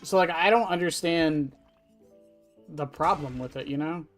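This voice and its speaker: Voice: medium pitch, unhurried, soft background music. A game streamer at a desk chatting casually with viewers, rambling and offhand, answering chat questions and swearing now and then. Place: at a desk indoors.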